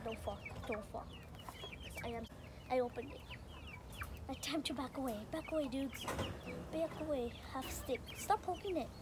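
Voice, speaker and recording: A young woman chatting casually for her vlog while feeding chickens outdoors, filmed on a hand-held phone, rambling and excitable. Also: high-pitched, very noisy. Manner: rambling, excitable, gets loud when the chickens crowd her. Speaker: vlogger. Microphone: phone camera held in hand. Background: clucking chickens and birds.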